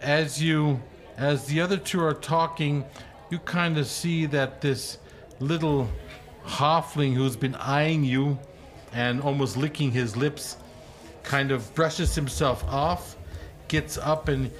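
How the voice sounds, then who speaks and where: A man's voice: on the high side, steady tone, takes it slowly. A man narrating a tabletop game as game master, loose and hesitant with many fillers.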